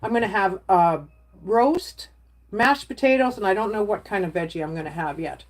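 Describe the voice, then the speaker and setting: A woman's voice: medium pitch, moderate pace. Middle-aged woman, casual livestream chat, rambling and chatty, webcam sound. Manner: rambling, chatty, reads out viewer comments. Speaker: livestream host chatting with viewers.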